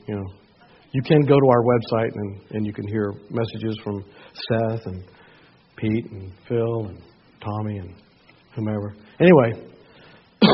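A man preaching a sermon in a conversational way, with asides, who rises to loud, excited shouting. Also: medium pitch, husky. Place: church sanctuary. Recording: dull lo-fi church recording.

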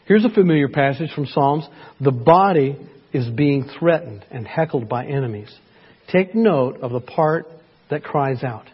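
A man's voice: medium pitch, animated, unhurried, slightly rough, muffled recording. A man preaching a sermon in church, reading scripture aloud and rising to emphatic peaks, often asking the congregation for agreement. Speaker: pastor.

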